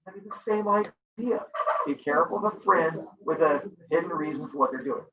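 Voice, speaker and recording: Slightly high and brisk, this man's voice leads an online middle school review session full of jokes and silly character voices. His delivery is lively and playful. The sound comes through a video call, so it's dull, distant and echoey, with faint noise.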